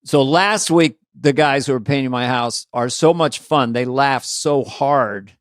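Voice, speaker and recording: A male podcast co-host tells stories energetically in a casual chat, acting out what people said. His mid-range voice comes at a measured pace in a clean studio recording with no room sound.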